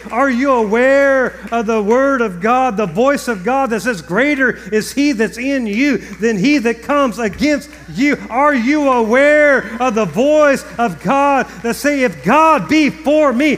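Male pastor, high voice, fervent sermon delivery, long church-hall reverb. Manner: builds to fervent shouting, stammered repeats.

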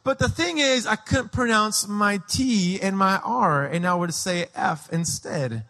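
A man preaching a sermon, praying and then telling childhood stories from growing up in Peru, acting out voices with shouts. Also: high voice, takes it slowly. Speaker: pastor. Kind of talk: sermon with personal storytelling. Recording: echoey hall with long reverb.

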